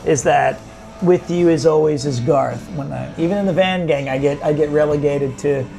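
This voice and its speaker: A man's voice: a little high, normal speed, vocal fry, warm tone, faint music behind. A man in a casual chat over drinks in a bar, rambling and restarting his sentences. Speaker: guest. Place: bar or pub.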